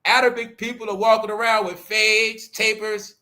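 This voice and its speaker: A man rants in casual commentary. His voice sits high and sounds bright and edged, and he keeps circling back to the same mocking lines at full volume. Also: flat delivery, moderate pace. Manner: loud, mocking, repetitive ranting with slang. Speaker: commentary channel host.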